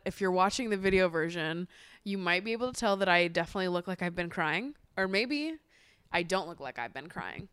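A woman's voice: on the low side, normal speed, fairly bright tone, clean tone, no room sound, clean studio sound. A young woman hosting a podcast in candid casual chat, laughing often and using plenty of slang. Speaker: podcast host.

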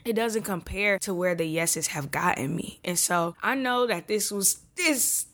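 A woman's voice: medium pitch, expressive, normal speed, a bit bright. A woman hosts a faith podcast in a casual, heartfelt way. She speaks straight to her listeners as if they were friends, and her voice often gets emotional. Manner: emotional, often near tears. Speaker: podcast host. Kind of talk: faith encouragement podcast talk.

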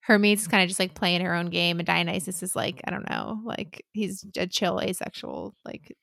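A woman's voice: lowish voice, normal speed, vocal fry, no echo. Easygoing young woman, dry sound. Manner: relaxed, hesitant, many fillers. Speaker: podcast co-host. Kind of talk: casual chat.

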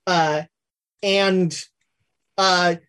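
A woman narrating as game master of a tabletop game, halting and full of fillers. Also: lowish voice, fairly even intonation, fairly bright tone. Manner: hesitant, full of fillers and laughs while describing scenes.

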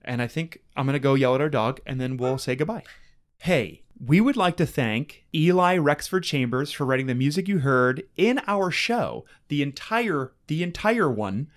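A man's voice: on the high side, a bit bright. A man co-hosting a podcast, wrapping up the show with casual, jokey banter. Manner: jokey, playful sign-off banter. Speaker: podcast co-host. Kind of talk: casual chat.

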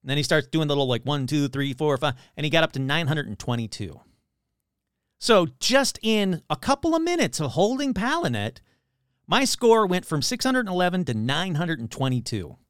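A man spins a comic story in a loose, rambling way, leaning on "like" and correcting himself as he goes. His voice sits a little high and leaps around in pitch. The recording is dry and close. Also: big pitch swings, normal speed, fairly bright tone, clear, resonant tone, dry recording. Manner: rambling, full of "like" and self-corrections.

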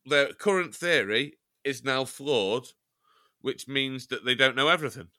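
A man's voice: medium pitch, unhurried, bright, forceful tone, no room sound, clean studio sound. A man from Chester, a podcast co-host, rambling through casual jokey banter and swearing now and then. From Chester, England.

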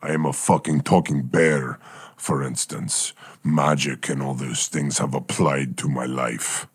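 A man voicing a gruff male talking bear, a failed war experiment, in an improvised comedy podcast. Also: rumbling low, fairly even intonation, unhurried, dry recording, studio quality, heavily acted.

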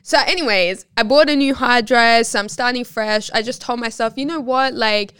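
A woman in her twenties, a photographer and podcast guest, telling animated, dramatic stories in casual chat and saying "like" often. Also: a little high, moderate pace, clear, resonant tone, no echo, clean studio sound. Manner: animated, dramatic storytelling full of "like".

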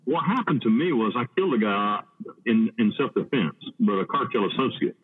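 A man from the United States telling a story in blunt, profane talk, halting with many restarts. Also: fairly low pitch, big pitch swings, husky. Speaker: podcast guest. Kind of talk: casual storytelling. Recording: tinny phone-like line with long reverb.

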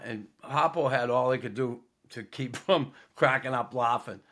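A middle-aged man spins a story in a relaxed, conversational way. He swears freely and leans on fillers. His voice sits at an ordinary pitch for a man. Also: normal speed, hardly any pauses. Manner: laid-back, profane, lots of fillers. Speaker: podcast host. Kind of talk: casual storytelling.

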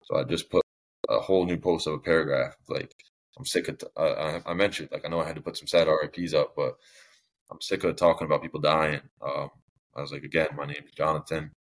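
A man's voice: a bass voice, fairly even intonation, fast talker. A young man speaking as a podcast guest, telling his story in a casual, rambling way with many fillers and restarts. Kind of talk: candid personal storytelling.

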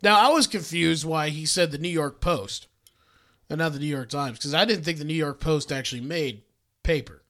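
A man's voice: a little high, normal speed, fairly bright tone. A man hosting a casual podcast chat, reading from his outline with stumbles and swearing. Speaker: podcast host telling a story.

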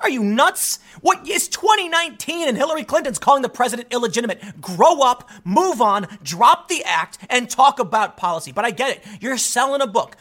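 A man's voice: high voice, pushed and bright. A man hosting a political commentary show, ranting in an exasperated, sarcastic way.

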